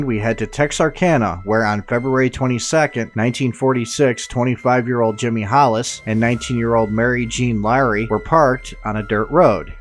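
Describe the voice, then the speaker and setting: A man narrating an unsolved murder case in a scripted way, with sarcastic, profane asides. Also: medium pitch. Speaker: true crime narrator.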